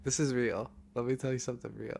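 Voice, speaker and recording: A man's voice: mid-range voice, level tone, fast talker, creaky, darkish tone, husky. A man guest on a podcast, chatting casually and joking like a playful storyteller. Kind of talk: casual chat.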